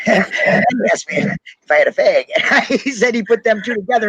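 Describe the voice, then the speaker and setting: Chatty fast-talking Minnesotan man. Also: high-pitched, lively intonation, a bit bright, breathy edge, no room sound, muffled recording. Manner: chatty, laughs often, says talks fast. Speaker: podcast co-host. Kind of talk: casual chat.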